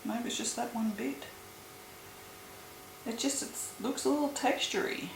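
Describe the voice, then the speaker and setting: A woman's voice: on the high side, a little slow, gravelly. A woman making soap at home, chatting casually and groaning and swearing in disgust at a smell. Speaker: soap maker. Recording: echoey room with noise.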